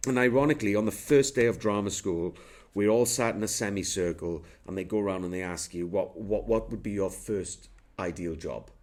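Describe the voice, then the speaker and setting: A man's voice: fairly low pitch, fairly quick, a little mellow. A middle-aged man with a Welsh accent, an actor telling stories in a casual interview, rambling with many restarts. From Wales.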